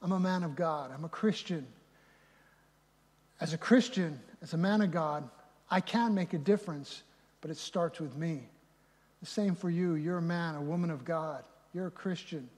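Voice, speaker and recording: A man preaching a live sermon as pastor, going from loud emphatic peaks to quiet low passages. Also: moderate pace. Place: church sanctuary. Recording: reverberant church hall.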